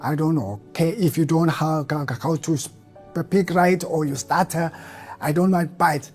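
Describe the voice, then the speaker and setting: Soft background music accompanies an unhurried man with a slightly rough, darkish voice on the high side as he testifies in church. His heavy stutter repeats the first syllables of words, and his earnest emotion surges into fervent outbursts.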